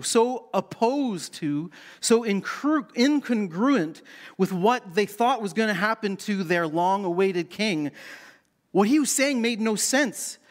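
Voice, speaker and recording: A middle-aged man from Canada preaching a sermon as pastor, playful and self-mocking as he tells the story. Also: high voice.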